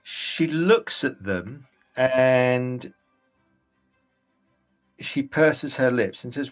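A man narrating as game master of a tabletop game, with unhurried, descriptive delivery. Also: mid-range voice, expressive, soft background music.

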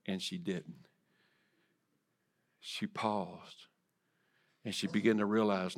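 Man preaching, loud to whispered. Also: lowish voice, fairly even intonation, slow pace, pauses often. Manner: dynamic preaching, swinging from loud emphasis to soft whispers. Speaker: pastor. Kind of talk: sermon. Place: church sanctuary.

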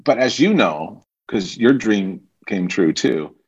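Male actor guest, low and husky, lively storyteller, dull lo-fi sound. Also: takes it slowly. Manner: animated anecdotes, acts out quoted voices. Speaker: guest, stage actor and teacher. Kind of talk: casual interview storytelling.

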